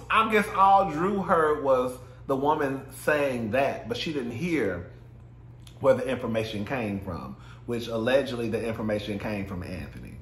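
A man's voice: medium pitch, normal speed, sharp tone, echoey room. A man casually recapping a reality show, sassy and profane, laughing often and mimicking the cast. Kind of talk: casual chat.

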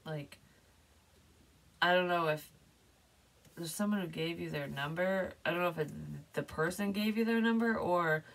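A woman's voice: lowish voice, moderate pace, long pauses, far from the mic. A woman giving a casual, hesitant psychic tarot reading, rambling and sometimes dropping to a near whisper.

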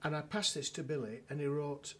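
A man's voice: a little high, steady tone, a little fast, fairly bright tone, a little hiss or hum. A middle-aged man with a northern English accent, telling a dry anecdote as a solicitor in a documentary interview, with many restarts and fillers.

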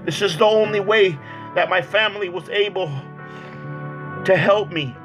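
A man evangelist giving a personal testimony, earnest and halting, often repeating words as he goes. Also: high-pitched, music in the background, low-quality recording. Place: church.

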